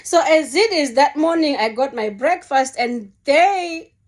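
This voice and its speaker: A woman's voice: sits high, animated, a little slow. A middle-aged woman giving an emotional, earnest Christian testimony in a sermon-like way, often repeating her words.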